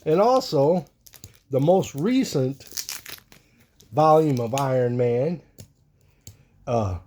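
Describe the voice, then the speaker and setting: A man talks through his sketches and comic books in a relaxed, rambling way. His voice is warm and mellow, sitting in an ordinary middle register. He chuckles now and then as he goes. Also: mid-range voice, slow pace, a little hiss or hum. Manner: rambling, chuckling, reads cartoon captions in silly voices. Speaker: comic collector vlogger. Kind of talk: casual chat showing artwork and comics.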